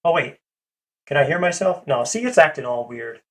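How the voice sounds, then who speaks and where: A man's voice: a little high, animated, normal speed. A man hosting a casual livestream, rambling with many fillers as he greets viewers and reads chat. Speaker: livestream host.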